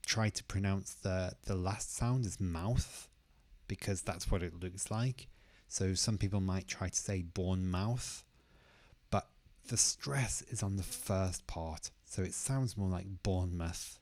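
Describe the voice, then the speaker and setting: A man teaching English pronunciation, who says each word slowly and carefully and repeats it twice. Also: deep voice, a little mellow. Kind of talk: pronunciation lesson.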